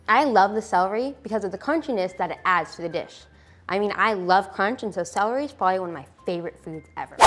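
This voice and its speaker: A woman's voice: medium pitch, lively intonation, fast, music in the background. A woman hosting a casual cooking demonstration, chatty and peppering her talk with "like". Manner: chatty, fills with "like". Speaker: cooking show host.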